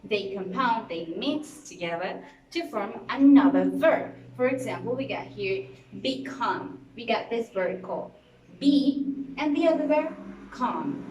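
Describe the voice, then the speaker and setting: A woman's voice: fairly high pitch, animated, unhurried, darkish tone, echoey room, rough recording. Young Colombian woman explaining word stress. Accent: Colombian Spanish. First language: Spanish. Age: young adult. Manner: casual, encouraging teacher tone with fillers. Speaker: student presenter. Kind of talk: explaining phonetics rules to a class.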